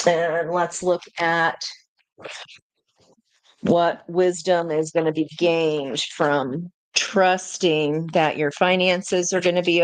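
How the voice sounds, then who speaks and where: A woman leads a live tarot reading in an unhurried, chatty way, talking straight to the people watching and restarting her sentences. Her voice sits a little low. The sound is close and dry, with no room echo. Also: clear, resonant tone. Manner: chatty, talks straight to viewers; self-interrupting, many fillers and restarts. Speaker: tarot reader.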